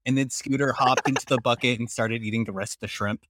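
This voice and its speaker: A man's voice: medium pitch, steady tone, quick pace, a bit bright, dry recording. A man playing a tabletop game, giggly and gushing as he talks. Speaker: player.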